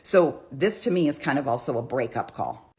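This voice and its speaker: A woman talking casually about a criminal case, chatty and quick to restart her sentences. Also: extremely low pitch, animated, a little mellow. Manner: chatty, restarts often, reads out quotes with feeling. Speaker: true crime commentator. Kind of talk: casual true crime commentary.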